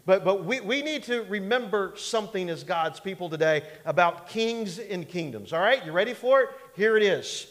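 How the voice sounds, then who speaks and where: A man's voice: high voice, expressive, normal speed, few pauses, a bit bright. A male pastor preaching a sermon in a conversational, folksy way, often asking the congregation for an amen and joking along the way. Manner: folksy and humorous, slips into mock voices. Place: church sanctuary. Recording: long hall reverb in a church.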